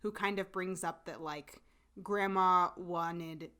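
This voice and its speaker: A woman's voice: lowish voice, fairly even intonation, takes it slowly, sharp tone, clean tone. A woman co-hosting a podcast, talking through a drama in casual, emphatic chat full of fillers. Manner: chatty, many fillers, emphatic. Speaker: podcast co-host.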